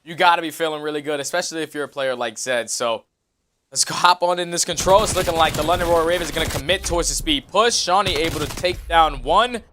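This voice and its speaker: A man calling esports play-by-play action in quick, energetic bursts. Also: a little high, noisy background. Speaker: esports caster. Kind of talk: play-by-play commentary.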